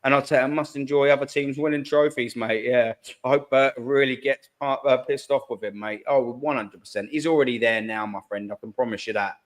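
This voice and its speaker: A man's voice: medium pitch, steady tone, a little fast, few pauses. A man hosting a live fan call-in stream, chatty and slangy, swearing freely and calling everyone mate. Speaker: host of a fan call-in show. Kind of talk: casual live-stream chat.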